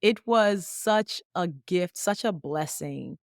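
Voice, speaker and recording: A woman in her late thirties, hosting a podcast, tells a personal story in a lively, conversational way with casual slang. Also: lowish voice, takes it slowly, creaky, dry recording, studio quality. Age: late 30s. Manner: lively, conversational, acts out quoted dialogue. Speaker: podcast host.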